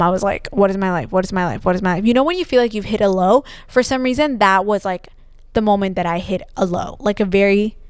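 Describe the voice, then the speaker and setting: Young woman podcaster rambling honestly, lots of "like", smooth clear voice, super dry close mic. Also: mid-range voice, no room sound. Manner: emotional, heavy use of "like", trailing restarts. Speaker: podcast host. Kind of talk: candid personal monologue.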